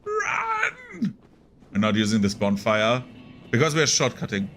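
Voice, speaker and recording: Bright-voiced young man chatting over gameplay. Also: on the low side, fairly quick, a little hiss or hum. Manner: rambling, chatty, frequent "like" fillers. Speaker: gaming streamer. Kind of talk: casual gameplay commentary.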